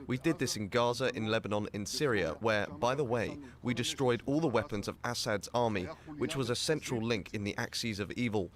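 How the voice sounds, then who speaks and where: A man's voice: mid-range voice, fairly quick. A man politician making a firm, formal statement in a speech clip. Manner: firm, declarative. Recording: archive clip with crowd noise.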